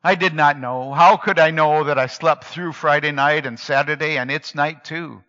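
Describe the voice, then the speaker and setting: A man reads a story aloud in a bright, sharp, fairly high voice at a moderate pace, moving between near-whispers and emphatic swells. His delivery is dramatic and expressive. The audio is muffled and lo-fi, with the long reverb of a large hall.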